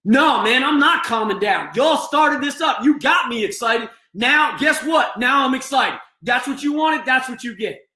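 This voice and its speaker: A man's voice: very high-pitched, expressive, measured pace, sharp tone, roomy sound, pitched above the performer's own voice, heavily acted. A man acting out an agitated, threatening person in crisis. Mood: hostile, agitated. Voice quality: confrontational, raised voice.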